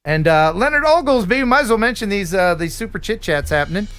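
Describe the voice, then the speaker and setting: Lively high-voiced man hosting a stream. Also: fast, clear, resonant tone. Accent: Southern US. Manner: animated, welcoming viewers by name. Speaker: livestream host. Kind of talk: casual livestream chat.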